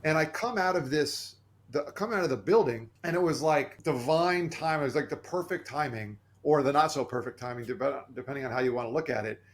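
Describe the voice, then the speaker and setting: A man who is a podcast guest, telling a personal story in an earnest, animated way and acting out the voices he quotes. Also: a little high, a little fast.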